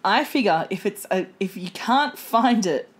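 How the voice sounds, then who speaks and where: A woman's voice: mid-range voice, expressive, measured pace. Playful woman co-host. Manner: playful, jokey asides. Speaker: podcast co-host. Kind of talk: casual chat.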